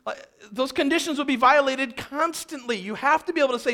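A man's voice: very high-pitched, sing-song, fast talker, bright, forceful tone. A man in his thirties telling a personal story in a sermon, emphatic and fond of repeating phrases for rhythm.

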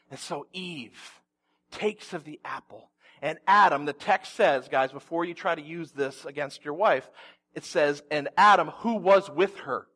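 A high, light-voiced man preaches in a relaxed, conversational way. He tells the story with animation and drops in humorous asides as he goes. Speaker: pastor. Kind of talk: conversational sermon.

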